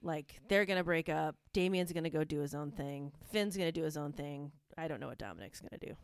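A woman's voice: deep voice, lively intonation, a little fast, clean tone, no echo, clean studio sound. A woman co-hosting a podcast, chatting casually and enthusiastically about wrestling with lots of fillers. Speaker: podcast co-host. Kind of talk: casual chat recapping wrestling.

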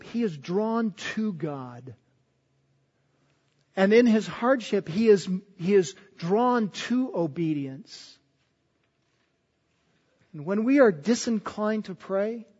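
A man's voice: sits high, darkish tone. A man preaching a sermon in an earnest way, often repeating words as he goes. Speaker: pastor. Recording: dull sound with long hall reverb.

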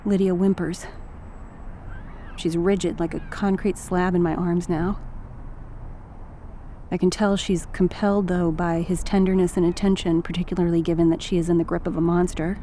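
A woman's voice: lowish voice, flat delivery, normal speed, pauses often, warm tone, slight background noise. A woman narrating a first-person story in a wry, intimate way with flashes of anger.

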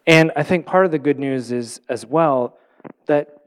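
A man teaching from scripture in a thoughtful sermon style, with a slightly higher-than-usual voice. He is earnest and reflective, and often turns a question back to his listeners. At tender moments he sinks to a soft, quiet tone. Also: unhurried, slight background noise. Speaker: Bible teacher.

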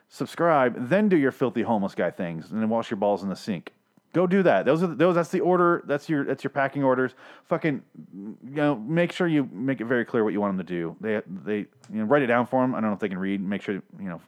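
Male solo podcast host, loose and profane, laughs at his own jokes, talks at a mid pitch. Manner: animated, swears a lot, laughs at himself, mimics characters. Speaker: podcast host recapping a TV show. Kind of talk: casual solo recap, profane and rambling.

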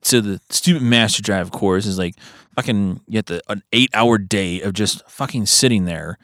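A man's voice: fairly low pitch, normal speed, fairly bright tone, no echo, studio quality. A man co-hosting a podcast, telling a story in casual chat, laughing often, swearing, and using many fillers. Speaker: podcast co-host.

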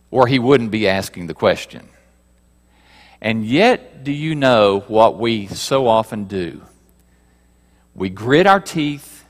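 Slow, animated male preacher in a hall. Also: mid-range voice. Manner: rhetorical questions to the congregation, swings between loud emphasis and quiet asides. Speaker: pastor. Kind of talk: sermon.

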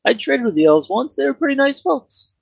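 A man's voice: sits high, very animated, unhurried, gravelly, slightly rough, no echo, pitched above the performer's own voice, heavily acted. A man doing a cheeky Canadian-style pub owner. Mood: chummy. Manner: chummy, cheeky overcharging banter. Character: shifty male pub owner, jokey Canadian-style accent. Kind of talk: tabletop role-play voice.

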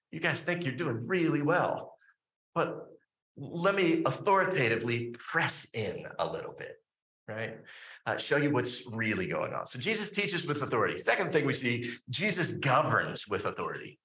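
A man delivers a sermon in a bright, forward voice, leaning on tag questions and filler words as he thinks aloud. His voice rings out in a roomy, echoing sanctuary. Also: medium pitch. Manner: animated preaching with frequent fillers and tag questions. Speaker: pastor.

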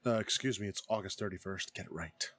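A man's voice: deep voice, fast, fairly bright tone, no echo. A man on a casual podcast panel, wry and joking, with plenty of swearing. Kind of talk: casual chat.

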